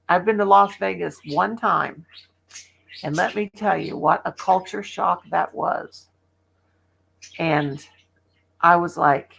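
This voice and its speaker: A woman's voice: lowish voice, gravelly, a bit bright, breathy edge, rough recording. A chatty woman in her sixties from the Midwest, rambling casually to livestream viewers and laughing often. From American Midwest. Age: 60s. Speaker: livestream host.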